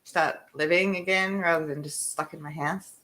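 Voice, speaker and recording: A woman with an Australian accent, telling stories in a casual video-call meeting. She talks in an animated way, laughs a lot, and acts out her own shouts. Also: sits low, normal speed. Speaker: recovery meeting participant.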